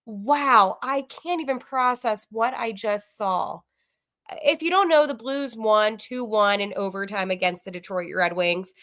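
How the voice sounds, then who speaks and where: A woman hosting a live sports podcast from home, gushing and flustered, breaking into fast asides full of fillers as she chats through the game. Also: mid-range voice, a bit bright. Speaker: podcast host. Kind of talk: excited live post-game sports chat.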